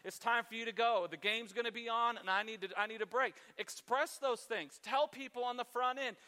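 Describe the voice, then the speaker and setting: A man's voice: very high voice, steady tone, fairly quick, few pauses, pushed and bright, big-room sound. A man preaching a sermon as a pastor, conversational and self-deprecating, now and then acting out his own grumbling.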